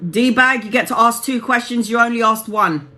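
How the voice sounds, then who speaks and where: A woman's voice: on the high side, normal speed, bright, forceful tone. Casual woman tarot reader on a live stream. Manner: casual and affectionate, calls viewers honey and babes. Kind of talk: live-stream tarot reading, chatting with viewers.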